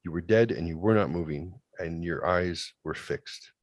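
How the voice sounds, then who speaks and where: Man, lowish voice, profane casual storytelling, animated, dry close recording. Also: moderate pace, no echo. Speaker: podcast host.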